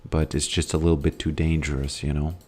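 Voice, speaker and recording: Deep-voiced guy w american accent chatting thru a game stream, rambly, lots of um and you know. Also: little pitch movement, brisk, a little mellow. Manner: rambling, loose, with frequent fillers and trailing thoughts. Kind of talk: casual gameplay commentary, reading chat aloud.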